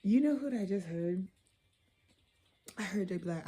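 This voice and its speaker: A woman giving a casual, channeled tarot reading to her viewers. She talks in a loose, profane, animated way. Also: medium pitch, normal speed, husky. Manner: loose, profane, animated, slipping into quoted voices. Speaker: tarot reader.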